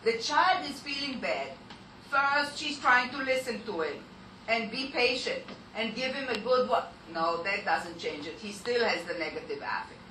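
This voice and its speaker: A woman's voice: a little high, bright, forceful tone, a little hiss or hum, low-quality recording. A middle-aged woman giving an informal lecture, explaining in a conversational way with acted-out examples.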